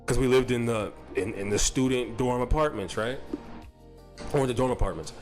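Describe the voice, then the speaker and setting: A man's voice: medium pitch, normal speed, a little mellow, soft background music. Rambling, profane young man telling stories. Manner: profane, rambling, repeats himself. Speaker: streamer telling a story. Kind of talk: casual storytelling.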